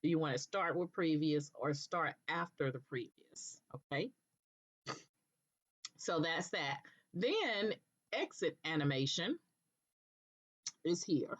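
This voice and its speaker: A woman presenting a screen-recorded software tutorial, explaining patiently step by step and checking in with "okay", with an occasional cough. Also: deep voice, expressive, slow pace, long pauses. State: coughing now and then. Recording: dull lo-fi recording.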